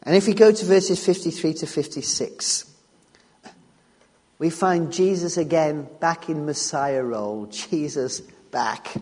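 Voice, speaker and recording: Husky-voiced man preaching in a hall. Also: a little high, darkish tone. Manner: emphatic, repeats key phrases, restarts mid-sentence. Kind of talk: sermon teaching on scripture. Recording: long reverb of a large hall.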